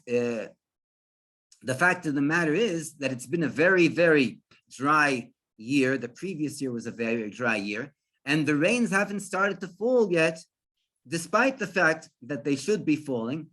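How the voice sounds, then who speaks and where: A man, a rabbi, telling a religious story in an animated way with frequent restarts. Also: a little high.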